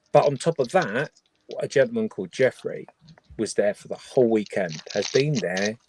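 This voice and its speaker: A man's voice: on the low side, darkish tone, a little hiss or hum. A man hosting a charity livestream, talking earnestly in a rambling way with many restarts. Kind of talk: casual livestream chat.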